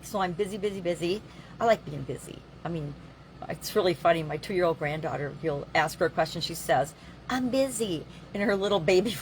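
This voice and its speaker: A woman's voice: on the low side, a little hiss or hum. A middle-aged woman hosting her daily vlog, talking in a candid, opinionated, chatty way. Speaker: vlog host and coach. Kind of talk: daily solo vlog monologue.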